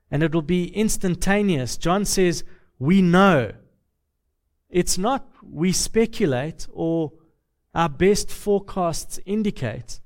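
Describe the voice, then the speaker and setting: A man preaching a sermon, with a measured, rhetorical delivery built on lists and repeated phrases. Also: sits high, darkish tone.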